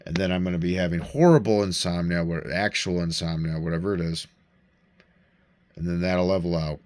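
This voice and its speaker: Male vlogger, very low voice, dry close sound, rambling profane rants. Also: fairly quick, a little mellow, no room sound. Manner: rambling, profane, self-interrupting. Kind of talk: rambling personal vlog rant.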